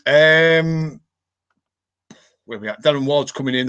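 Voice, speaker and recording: A man's voice: a little high, takes it slowly, a bit bright, clean tone. Chatty northern English man hosting live. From northern England. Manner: rambling, lots of fillers and restarts. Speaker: live stream host. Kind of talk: casual live chat reading comments.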